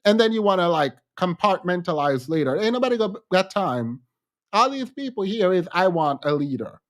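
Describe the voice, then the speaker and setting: A man hosting a livestream, commenting with animated, incredulous rhetorical questions and repetition. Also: high-pitched, moderate pace. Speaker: podcast host.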